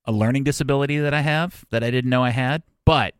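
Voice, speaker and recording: A man's voice: mid-range voice, quick pace, smooth, dry recording. A man co-hosting a sports talk show in casual banter. He tells stories with a joking, self-mocking edge. His voice sits close and dry on the mic. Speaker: sports radio co-host.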